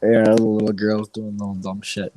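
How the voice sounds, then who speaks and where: A man's voice: on the low side, level tone, normal speed, background noise. A man co-hosting a casual podcast, telling laid-back, profane anecdotes with lots of fillers. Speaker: podcast co-host. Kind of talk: casual chat.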